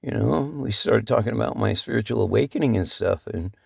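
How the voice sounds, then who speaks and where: Tearful male vlogger, low gravelly voice that cracks, rambling and cursing. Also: fairly quick, darkish tone, no room sound, studio quality. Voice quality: voice cracking, breaking into high pitch. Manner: swearing, rambling, heartfelt. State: crying. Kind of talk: emotional casual vlog talk.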